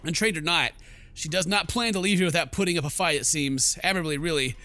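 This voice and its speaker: A man's voice: fairly high pitch, quick pace. A man doing let's play commentary. He reads the game's text aloud and talks back to it with jokes. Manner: animated, jokey, talks back to the game. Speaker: game commentator.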